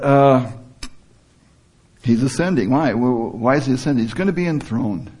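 Guy giving a laid-back sermon, normal pitch, talks it through like a chat. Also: darkish tone. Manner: conversational, quotes scripture, rephrases mid-sentence. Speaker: preacher. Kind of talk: informal sermon.

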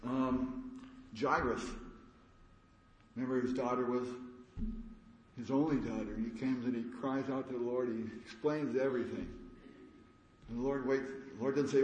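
A man's voice: mid-range voice, fairly even intonation, moderate pace, long pauses. A middle-aged man preaching a sermon in a conversational, folksy way, with humorous asides. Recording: echoey hall, faint background noise.

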